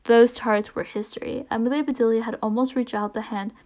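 Lady reading a kids book out loud, kinda high voice, lively and expressive. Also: brisk. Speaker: children's book reader. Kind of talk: children's storybook read-aloud.

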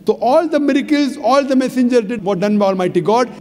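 A man's voice: very high voice, expressive, fast talker, a little mellow. A man giving a public religious lecture to an audience, speaking emphatically and methodically citing chapter and verse. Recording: long hall reverb, faint background noise.

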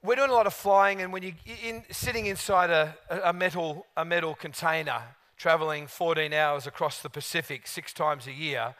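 Male preacher, animated storyteller, bright, ringing, high-pitched voice. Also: normal speed, hardly any pauses. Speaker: guest preacher. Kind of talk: sermon with storytelling.

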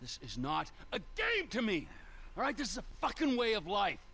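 An unhinged career criminal in a game cutscene, erratic and explosive. His voice is bright and gravelly and climbs and plunges wildly. He tends to explode out of a mumble. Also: high-pitched, huge pitch swings, moderate pace, full character voice. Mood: furious. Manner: erratic, swings from muttering to screaming. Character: volatile middle-aged male career criminal, explosive temper.

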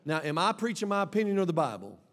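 A male pastor preaching a sermon, emphatic, moving between quiet asides and loud exhortation. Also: high voice, very animated, fast. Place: church sanctuary. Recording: echoey church hall.

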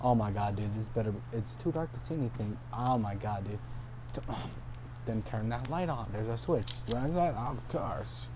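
A man's voice: lowish voice, moderate pace. A young man giving casual let's-play commentary, exasperated, swearing and laughing at his own mistakes, recorded late at night at home. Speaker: gameplay commentator. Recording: steady background noise.

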